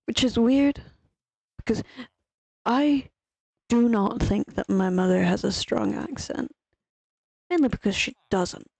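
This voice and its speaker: Irish woman streamer, unhurried rambling gamer chat with a mellow tone and the odd swear. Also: medium pitch, vocal fry, no echo, low-quality recording. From Ireland. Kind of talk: casual gaming chat.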